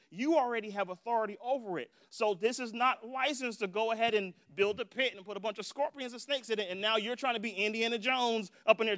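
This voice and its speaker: A man's voice: very high-pitched, a bit bright, no room sound, clean studio sound. A man preaching a sermon in a conversational, playful way, often checking in with "right?".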